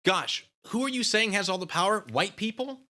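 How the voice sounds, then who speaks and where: Male host, taunting and sarcastic, with a bright, animated delivery. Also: high voice, moderate pace. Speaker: channel host. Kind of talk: ranting commentary to camera.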